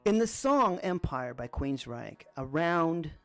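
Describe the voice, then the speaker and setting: A man from Arizona hosting a podcast, telling a personal story in a relaxed, rambling way with lots of fillers. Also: on the high side, slow pace. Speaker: podcast host.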